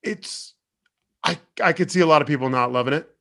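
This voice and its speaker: A man co-hosting a podcast, reviewing a film in a relaxed, halting way with "uh" and "um". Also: on the high side. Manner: relaxed, hesitant with "uh" and "um". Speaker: podcast co-host. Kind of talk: casual review chat.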